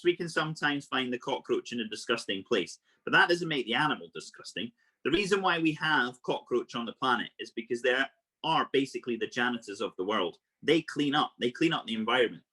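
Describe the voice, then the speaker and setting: A man with a husky voice talks children through facts about the animals he keeps. He explains things in a lively, playful manner, full of asides. He is heard through a video call. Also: medium pitch. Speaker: exotic animal presenter. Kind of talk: live online animal workshop for children.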